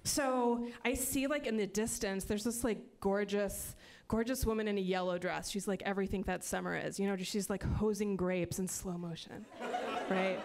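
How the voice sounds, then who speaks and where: A woman's voice: mid-range voice, steady tone, darkish tone. Chatty woman comic in her thirties. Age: 30s. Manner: chatty, self-mocking, full of "like" and quick asides. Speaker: stand-up comedian. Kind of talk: stand-up comedy set. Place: comedy club stage.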